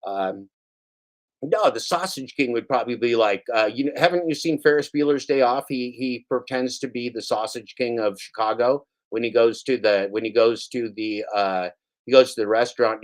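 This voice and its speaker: Man, streamer host, live commentary, sarcastic, rambling rant. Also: lowish voice.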